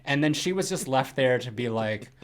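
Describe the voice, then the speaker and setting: A young man co-hosting a casual film podcast, rambling and animated, mocking characters in quick put-on quotes. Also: medium pitch. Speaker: podcast co-host.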